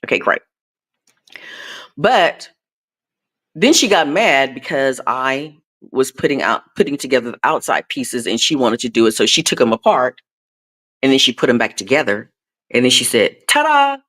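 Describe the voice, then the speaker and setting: A woman's voice: lively intonation, moderate pace, pauses often, fairly bright tone. An older woman chatting casually in a live stream, telling a rambling story full of digressions and acted-out quotes. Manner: rambling, digressive, acts out quotes with rising pitch. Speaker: traveling pet sitter, guest.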